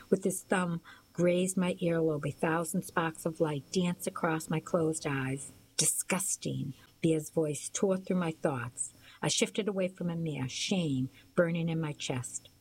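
A woman narrating a first-person novel as an audiobook, in a steady storytelling manner. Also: fairly low pitch, a little hiss or hum, rough recording.

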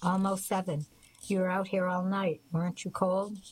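A woman's voice: fairly low pitch, little pitch movement, moderate pace, a little hiss or hum, natural voice, poor audio. A woman voicing a hurt, pleading young man in an audiobook, speaking earnestly to his fiancée. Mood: concerned.

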